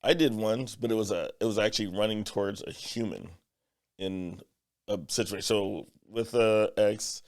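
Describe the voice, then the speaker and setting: Man, gravelly voice, casual podcast storyteller, lively quoted voices. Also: fairly low pitch, moderate pace. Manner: animated storyteller, acts out quotes. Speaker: podcast co-host. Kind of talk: casual chat.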